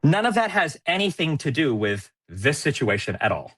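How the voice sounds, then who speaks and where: A man arguing heatedly with a combative, profane, rapid-fire manner. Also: on the high side, big pitch swings, fairly bright tone, slightly rough, no room sound. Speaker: debate guest. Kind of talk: heated argument.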